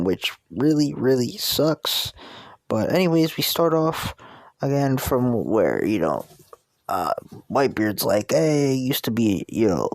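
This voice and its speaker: A man's voice: mid-range voice, gravelly, darkish tone, no room sound, studio quality. A man with a New Jersey accent telling a fan story in a rambling, casual way with many restarts. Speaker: video creator.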